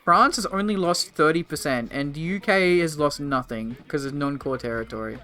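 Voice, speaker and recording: A man's voice: on the high side, moderate pace, pushed and bright, soft background music. A man in his twenties casually commenting on a strategy game during a live stream, rambling and swearing. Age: 20s. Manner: rambling, profane, joking with chat.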